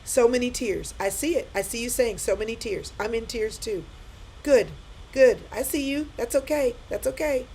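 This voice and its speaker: A woman's voice: fairly high pitch, normal speed, a little mellow, a little hiss or hum, rough recording. A middle-aged woman giving a live-stream pep talk to viewers, repeating her points with emphasis and speaking straight to them.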